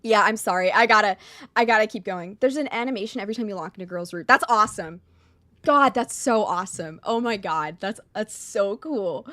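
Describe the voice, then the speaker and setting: A woman's voice: medium pitch, a little fast, a bit bright, no room sound. A woman streamer chatting casually over a game, gushing with squealing exclamations and rambling, self-correcting sentences.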